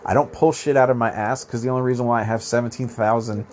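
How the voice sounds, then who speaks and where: The man hosting this podcast has a medium-pitched, somewhat nasal voice that's steady, quick and a little mellow. His monologue wanders, laced with profanity and restarted sentences.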